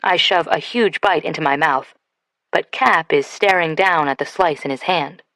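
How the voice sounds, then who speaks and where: A woman's voice: sits low, normal speed, fairly bright tone, no echo. A woman narrating an audiobook in the first person, in a casual, conversational way.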